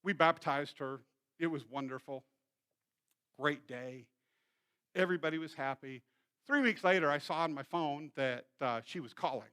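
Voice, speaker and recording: Pastor guy preaching in church, highish bright voice, tells stories and acts them out. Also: moderate pace, pauses often, clear, resonant tone. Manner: storytelling, acts out quoted voices. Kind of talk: sermon. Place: church sanctuary.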